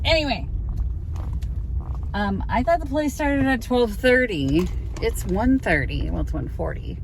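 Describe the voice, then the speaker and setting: A middle-aged woman vlogging in casual chat while she drives, talking in a chatty, rambling way with quick asides. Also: a little high, expressive, creaky. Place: in a car while driving. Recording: road noise from a moving car. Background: car engine and road noise.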